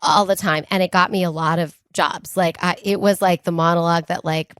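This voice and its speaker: A woman's voice: lowish voice, fairly even intonation, brisk, a bit bright, clean tone, no room sound, clean studio sound. Laughing, reactive woman podcast co-host. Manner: reactive, laughs a lot, candid and self-mocking. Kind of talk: casual chat.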